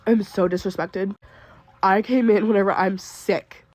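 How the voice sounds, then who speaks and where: A woman's voice: mid-range voice, fairly even intonation, a little slow, a little mellow. A young adult woman who works retail tells a storytime in exasperated, ranting bursts, sick and upset. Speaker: retail worker. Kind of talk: storytime venting video.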